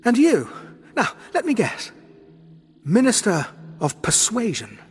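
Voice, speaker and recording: A man voicing a polite, curious male alien time traveller who speaks brightly with a quiet teasing edge. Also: extremely high pitch, big pitch swings, slow, pitched above the performer's own voice, full character voice. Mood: wry.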